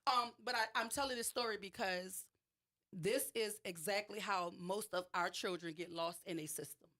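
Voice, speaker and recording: A woman's voice: mid-range voice, normal speed, fairly bright tone. Emphatic woman with a New Orleans accent. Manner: emphatic storyteller, frequent restarts. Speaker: guest. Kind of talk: radio interview, personal account.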